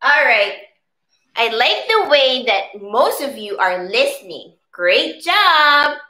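Slow, bright-voiced woman teaching preschoolers. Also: high-pitched, big pitch swings. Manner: patient, encouraging, drawn-out words for children. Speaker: preschool circle-time teacher, mother. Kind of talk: slow, sing-song preschool lesson.

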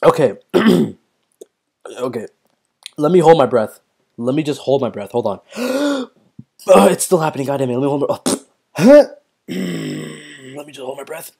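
Young male streamer, excitable casual commentary, frequent swearing, hiccups and throat-clearing. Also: on the high side, a little slow, long pauses. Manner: excitable, swears often, reads chat aloud. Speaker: mobile game streamer.

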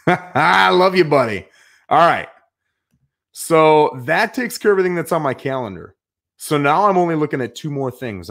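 A middle-aged man hosting a live show, casually talking viewers through his schedule in a coaching tone, often adding "man" and "right?". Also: on the low side. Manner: lively, swings between bursts and mumbled asides. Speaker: show host. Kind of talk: live walkthrough of his planning.

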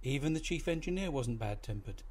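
A man's voice: mid-range voice, expressive, brisk, breathy edge. Man reading a story aloud. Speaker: narrator. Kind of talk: scripted storytelling narration.

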